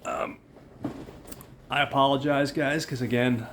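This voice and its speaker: A hoarse man with a cold, hosting a podcast and loosely recapping a film plot with profanity and fillers. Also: medium pitch, steady tone, a little slow, fairly bright tone, slight background noise. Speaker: podcast host.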